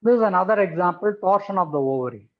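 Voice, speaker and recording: A man's voice: high-pitched, animated, fast. Man lecturing pathology, tinny phone-like sound. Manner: methodical, repeats key terms for emphasis. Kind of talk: explanatory medical lecture over slides.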